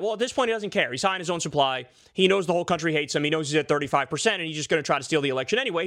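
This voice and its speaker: A man's voice: a little high, animated, very fast, hardly any pauses, bright, forceful tone, no echo, studio quality. A man delivering a heated, profane, sarcastic political commentary rant, full of filler likes. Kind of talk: ranting political commentary vlog.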